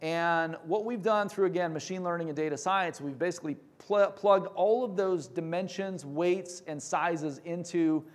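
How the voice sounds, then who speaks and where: Upbeat guy presenting on stage, kinda high voice, jokey, lots of ums. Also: normal speed, few pauses. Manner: energetic, joking, with fillers. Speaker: company presenter. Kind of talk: business presentation talk.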